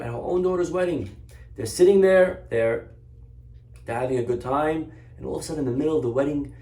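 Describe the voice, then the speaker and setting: A man's voice: fairly high pitch, gravelly, darkish tone. A man, a rabbi, teaching a Torah class through an earnest story. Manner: earnest, story-driven, exhorting. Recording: roomy echo, far from mic.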